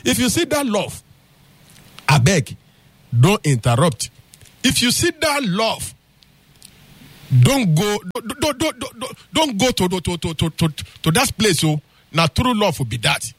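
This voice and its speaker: Animated Nigerian Pidgin male storyteller. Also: high-pitched, measured pace, pauses often, husky, no echo. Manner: animated, addresses listeners directly. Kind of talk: casual spoken storytelling.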